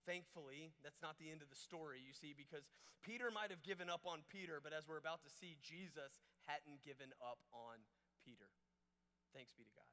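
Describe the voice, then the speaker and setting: A man speaks to a youth camp, telling a story with casual, joking asides. His voice is bright and crisp, and it rings through the long reverb of a large hall. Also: fairly high pitch.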